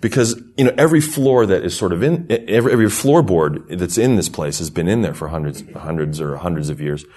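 A middle-aged man casually telling a rambling, animated story, laughing through parts of it. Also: deep voice, quick pace, hardly any pauses.

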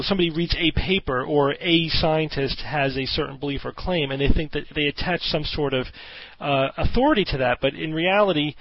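A man's voice: a little high, dry recording. A man hosting a podcast, explaining his views earnestly with hesitant restarts. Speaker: podcast host. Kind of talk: casual discussion. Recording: dull dry audio.

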